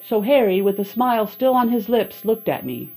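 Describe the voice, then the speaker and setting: A woman reading a horror-comedy audiobook as a steady first-person storyteller. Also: fairly high pitch, moderate pace, rough recording. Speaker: audiobook narrator. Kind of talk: scripted narration.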